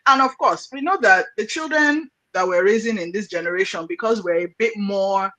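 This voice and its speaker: A woman's voice: mid-range voice, moderate pace, fairly bright tone, low-quality recording. A woman hosting an interview, affirming her guest and thinking aloud with frequent restarts. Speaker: podcast host. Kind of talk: conversational interview.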